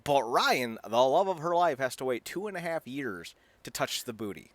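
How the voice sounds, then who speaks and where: A man co-hosting a podcast, chatting casually and rambling with lively energy, laughing at his own jokes. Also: mid-range voice, normal speed, dry recording. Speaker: podcast co-host. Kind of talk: casual chat.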